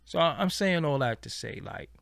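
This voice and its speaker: A man's voice: fairly high pitch, normal speed, vocal fry, no room sound. A man hosting his own show, talking blunt and profane in a casual commentary monologue. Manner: blunt, profane, animated storytelling. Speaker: show host.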